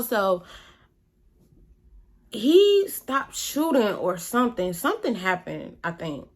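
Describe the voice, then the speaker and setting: A woman vlogger telling a story in a casual, animated, slangy and profane way. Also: mid-range voice.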